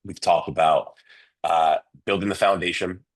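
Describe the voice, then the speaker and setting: A man's voice: sits low, fairly even intonation, normal speed. A man with a nasal voice, hosting an online coaching session for real estate agents over a video call, chatty and loose with lots of fillers.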